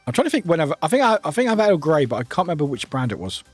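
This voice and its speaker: Lively, chatty British man. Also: fairly high pitch, rapid-fire, slightly rough, no room sound, soft background music. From United Kingdom. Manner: chatty, rambling, laughs often at himself. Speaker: livestreamer. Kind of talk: casual livestream chat with viewers.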